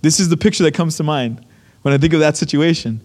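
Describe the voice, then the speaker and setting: Delivering a sermon, this young pastor brings his story to life by performing lots of quoted lines. He talks quickly in a slightly high voice.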